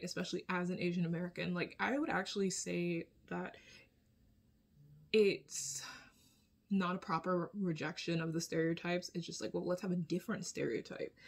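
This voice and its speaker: Casual woman, a bit low-pitched. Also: creaky, breathy edge. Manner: conversational, often checks in with a questioning tag; blunt, casual swearing. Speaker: video commentator. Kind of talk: casual spoken commentary.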